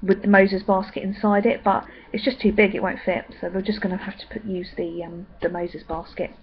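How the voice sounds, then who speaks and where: A young woman chatting in a rambling way with many pauses and ums. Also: medium pitch, little pitch movement, dull audio. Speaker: vlogger. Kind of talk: casual pregnancy update vlog.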